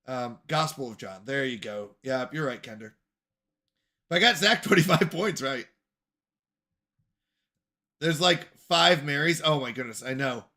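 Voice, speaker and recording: Bright, jokey young man streaming. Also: mid-range voice. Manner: jokey, self-deprecating, laughs often. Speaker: livestream host reading chat. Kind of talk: casual chat.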